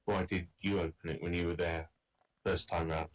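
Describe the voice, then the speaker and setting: A man's voice: low voice, flat delivery, moderate pace. A man chatting and teasing a streamer friend during a game session. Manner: joking, teasing. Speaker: co-player on call. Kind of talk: casual gameplay chat. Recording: faint game music behind.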